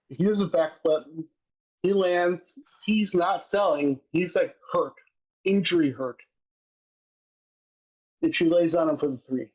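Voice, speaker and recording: Brief: man with a higher voice, podcast co-host, swearing and laughing through an animated recap, dull lo-fi audio. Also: slow pace, long pauses. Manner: profane, excitable storytelling, laughs while recapping. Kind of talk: casual chat.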